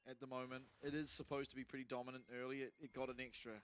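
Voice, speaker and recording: A man's voice: medium pitch, rapid-fire. A man giving play-by-play commentary on a competitive game match. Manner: steady, analytical play calls. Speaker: esports caster.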